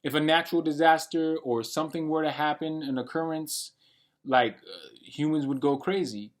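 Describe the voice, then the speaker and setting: A man's voice: fairly high pitch, normal speed. A man in his late twenties giving a blunt, profane and rambling monologue for his vlog. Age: late 20s. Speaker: vlogger. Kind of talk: unscripted rant monologue.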